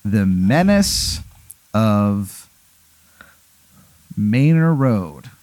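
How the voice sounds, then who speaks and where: A man's voice: on the low side, big pitch swings, very slow, darkish tone, dry recording. A man hosting, playfully laying out an improvised comic scenario and acting out voices.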